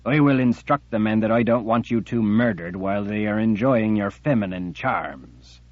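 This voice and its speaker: A man voicing a menacing, gloating male emperor who speaks slowly and mockingly. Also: fairly low pitch, no echo, highs cut off, close to an everyday voice. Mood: cold. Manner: slow, mocking and threatening.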